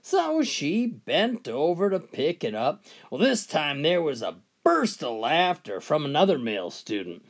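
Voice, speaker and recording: A man telling jokes in a folksy storytelling manner and putting on quick voices for the characters. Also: huge pitch swings. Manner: folksy, drawn-out delivery, pitch swinging widely between characters. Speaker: joke teller.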